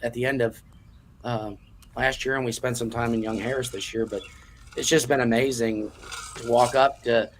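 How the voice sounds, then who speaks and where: A man's voice: medium pitch, steady tone, normal speed, slight background noise. A man from the New York area, a competition cook, speaking earnestly as a guest in a casual interview.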